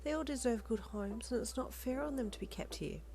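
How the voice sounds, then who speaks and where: A woman voicing a gentle, caring older woman who soothes in a soft, half-whispered voice. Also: on the high side, a little fast, voice pushed up, lightly acted. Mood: gentle, soothing.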